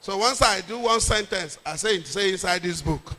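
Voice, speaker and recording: Nigerian man, pastor, high voice, bright tone, lively storytelling sermon. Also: normal speed, in a large hall. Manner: lively, mixes in pidgin and jokes.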